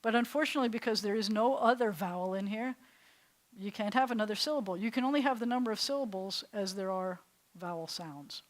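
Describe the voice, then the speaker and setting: A middle-aged woman from New York, a rabbi teaching a Hebrew class in a chatty, animated way with frequent laughs. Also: medium pitch, a little fast. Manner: chatty and animated, often laughing between points.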